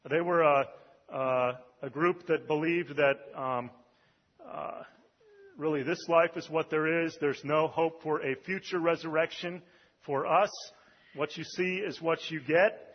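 A male pastor delivers a sermon in a loose, conversational way, pausing on "um" and "uh" between points. His voice sits a little high and has a husky edge. The recording is dull and lo-fi, with the long reverb of a large church hall. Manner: conversational preaching with fillers.

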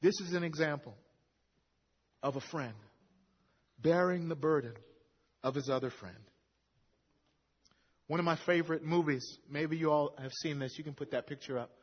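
A high-voiced, husky man delivers a sermon, chatting through scripture and then pressing hard on the key lines. The recording is dull and lo-fi, and his voice rings out with the long reverb of a large hall. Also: moderate pace, pauses often. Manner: conversational preaching, quoting scripture with rising emphasis. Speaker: pastor.

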